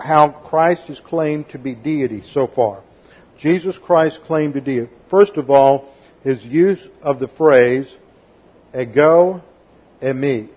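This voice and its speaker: A husky male voice, pitched on the high side, preaches to his congregation in an emphatic, methodical expository style, ticking through numbered points. The sermon recording is dull and lo-fi.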